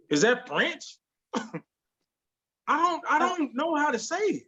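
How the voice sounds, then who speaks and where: A man's voice: extremely high pitch, sing-song, slow, pauses often, bright, forceful tone, dull audio. A man chatting playfully as a guest on a podcast, laughing often and drawling his words. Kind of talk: casual chat.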